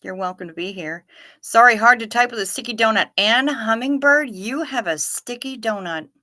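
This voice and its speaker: A woman's voice: fairly high pitch, normal speed, pushed and bright, no room sound, studio quality. A woman hosting a casual livestream, chatting and reading out viewer comments as she answers them. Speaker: livestream host.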